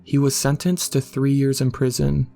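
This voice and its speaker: A man reading a first-person horror story aloud as scripted narration, in an even, flat storytelling manner. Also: mid-range voice, moderate pace, creaky, soft background music.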